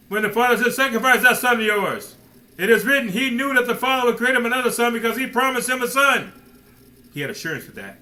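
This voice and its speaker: Male preacher, sermon, bright sharp voice, swooping animated delivery, direct address to listeners. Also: a little high, slight background noise, rough recording. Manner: emphatic preaching with rhetorical questions.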